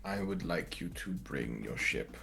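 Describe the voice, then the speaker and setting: A man playing a tabletop game, laying out plans in character in a deliberate way. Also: low voice, expressive, creaky, pushed and bright, faint music behind. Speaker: player.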